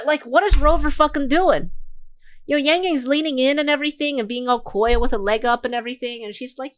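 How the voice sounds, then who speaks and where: A woman's voice: fairly high pitch, lively intonation, brisk, a bit bright. A young woman streamer reacting to a game video in casual, sarcastic chat, swearing freely.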